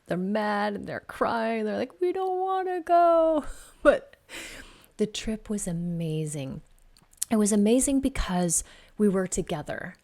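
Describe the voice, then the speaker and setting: Middle-aged woman, podcast host, casual storytelling, chatty, laughs often, soft whispery asides, mid-pitched voice. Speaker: podcast host and life coach.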